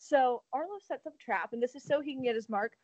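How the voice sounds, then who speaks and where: A woman's voice: sits high, fast talker, a little mellow, no echo, highs cut off. A woman co-hosting a podcast, recapping a film plot in a rambling, sarcastic way. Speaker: podcast co-host. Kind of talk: casual podcast chat.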